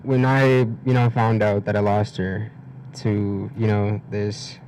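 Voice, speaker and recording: Teen guy, low and mellow, halting testimony, emotional and near tears. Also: flat delivery, a little hiss or hum, low-quality recording. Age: teens. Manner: halting, many fillers and restarts. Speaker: guest speaker. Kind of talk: personal testimony at a community event.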